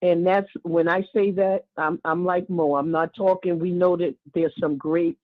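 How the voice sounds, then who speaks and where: A woman calling in to a radio show, speaking heartfelt and casual, with warm asides and repeated words. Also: lowish voice, fairly even intonation, moderate pace, dry recording. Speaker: caller. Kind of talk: casual call-in talk. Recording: tinny phone line.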